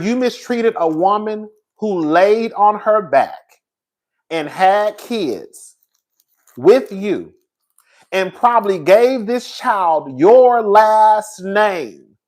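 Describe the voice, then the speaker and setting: A man's voice: high-pitched, lively intonation, extremely slow. A man hosting a livestream of gossip commentary, talking in sassy, profane, hollering rants straight to his viewers. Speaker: YouTube commentator.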